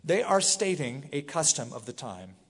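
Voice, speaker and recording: A middle-aged man preaches to a congregation, his voice sitting a little high. He reads the scripture and breaks off into casual, animated asides. The sound carries a long reverb from the sanctuary. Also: moderate pace, breathy edge. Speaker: pastor. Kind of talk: verse-by-verse sermon. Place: church sanctuary.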